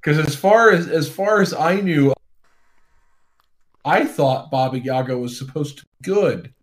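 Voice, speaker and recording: A man playing a tabletop game, talking in a hesitant, halting way. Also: fairly high pitch. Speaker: player.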